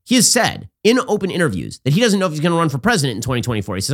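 A man hosting a political commentary show, talking in a sarcastic, rapid-fire, mocking way. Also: medium pitch, very animated.

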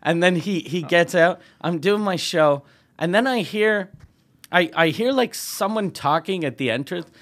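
A man telling a profane comic road story as a podcast guest, animated and laughing often. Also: sits high, a little slow. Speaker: comedian guest.

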